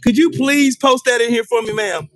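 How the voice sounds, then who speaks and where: Mad livestream guy, real high voice, cussing and taunting chat. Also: normal speed, fairly bright tone, faint music behind. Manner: furious, profane, taunting viewers with repeated questions. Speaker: livestream host. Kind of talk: angry political rant on a livestream.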